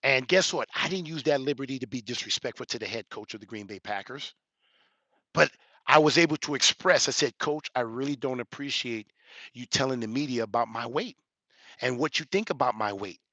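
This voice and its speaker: A man in his forties, an elder, telling a personal story with emphatic rhetorical questions and building toward near shouting. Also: medium pitch, a little fast, dry recording. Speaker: elder giving a reaction commentary. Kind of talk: animated personal storytelling commentary.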